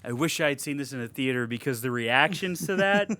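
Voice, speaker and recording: A man co-hosting a podcast, recapping a horror film in a casual, animated way, full of swearing and fillers. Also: medium pitch, fairly quick, no echo. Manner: animated, profane retelling with frequent fillers. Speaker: podcast co-host. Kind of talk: casual movie recap chat.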